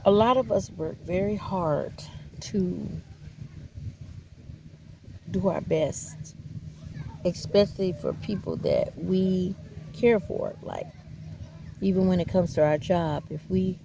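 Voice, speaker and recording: A woman's voice: fairly low pitch, gravelly, noisy background. A woman vlogger speaking in a casual, earnest, encouraging monologue, calling listeners baby and honey, with loose, repetitive phrasing and many fillers. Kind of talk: casual talking-to-camera monologue.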